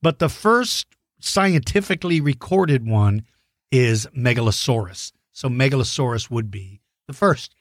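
A man's voice: medium pitch, animated, a little slow, no echo, clean studio sound. A man hosting a podcast, answering children's questions in a friendly, enthusiastic way with plenty of ums and restarts. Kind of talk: casual chat to young listeners.

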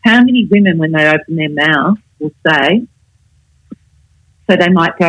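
An older woman, a communication coach, explaining her advice in a measured, instructive way in a casual interview. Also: low voice, animated, fairly bright tone, no echo, low-quality recording.

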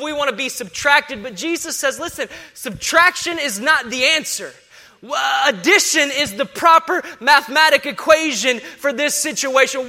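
High-voiced guy preaching, really bright sharp tone, keeps repeating himself for punch. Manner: impassioned, repetitive preaching. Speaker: pastor. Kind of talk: sermon.

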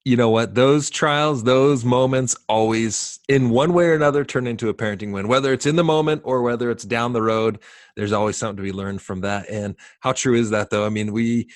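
A man's voice: medium pitch, steady tone, fairly quick, no echo, clean studio sound. A man co-hosting a podcast, joking in upbeat casual banter. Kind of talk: casual chat.

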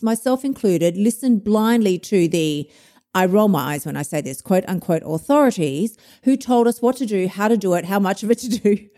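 A woman's voice: mid-range voice, dark tone. A woman hosting a podcast as an emotional eating coach, giving a blunt, profane, fired-up tough-love pep talk. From Australia. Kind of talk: motivational podcast monologue.

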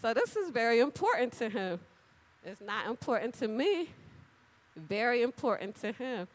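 A woman preaching an animated, chatty sermon, talking straight to the congregation and acting out little conversations. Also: a little high, normal speed. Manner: animated, chatty, addresses crowd directly; acts out dialogue with big voice swings. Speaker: church speaker. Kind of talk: lively sermon with storytelling.

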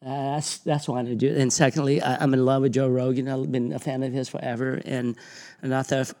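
A middle-aged man hosting a podcast, telling stories in an animated way, swearing freely and laughing along. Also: mid-range voice, brisk. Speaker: podcast host and gym owner. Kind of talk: casual storytelling.

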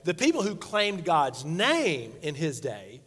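A man's voice: a little high, huge pitch swings, takes it slowly, fairly bright tone, husky. A man in his forties, a pastor preaching a sermon in a playful, conversational way and acting out quotes. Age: 40s. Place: church sanctuary stage. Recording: long reverb of a large hall.

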